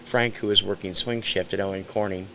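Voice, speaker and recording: A man's voice: sits low, steady tone, a little fast, sharp tone, a little hiss or hum. A man in his sixties from central Ohio, telling a first-person story in an unscripted, rambling way with frequent ums and self-corrections. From central Ohio, USA. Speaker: storyteller recounting a memory.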